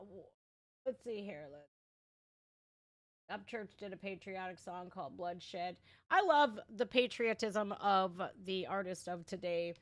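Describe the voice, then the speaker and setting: A woman's voice: mid-range voice, no echo. A woman from Ohio hosting a live reaction stream, ranting bluntly and swearing freely between laughs. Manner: blunt, profane, quick to laugh. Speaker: livestream reaction host. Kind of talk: casual livestream rant.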